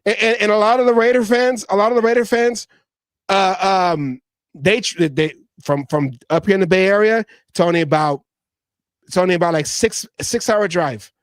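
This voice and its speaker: A man hosting a casual sports talk show, animated and stammering as he repeats words. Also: high-pitched, normal speed, dry recording. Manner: mimics others in quoted voices. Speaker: podcast host.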